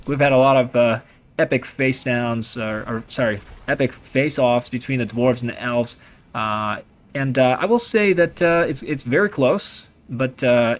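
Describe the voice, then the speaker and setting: Young man, casual gameplay commentary, rambling, chatty, fillers, mid pitch.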